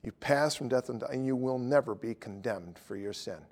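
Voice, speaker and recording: A middle-aged man, an evangelist, preaching through lively anecdotes and acting out the dialogue. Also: mid-range voice, moderate pace. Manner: lively storytelling, acts out dialogue.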